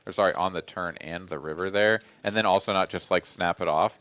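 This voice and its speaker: A man commentates a live poker hand in a calm, analytical way. His voice sits on the low side. He drops dry little jokes between the strategy talk. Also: fairly quick, no echo. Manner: relaxed, analytical, dry asides.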